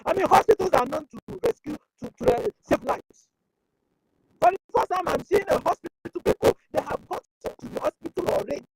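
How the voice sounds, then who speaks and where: A woman's voice: very high-pitched, expressive, a little fast, darkish tone, rough recording. A woman with a Nigerian accent giving impassioned commentary as an activist, pleading and firing off rhetorical questions, at times switching into prayer.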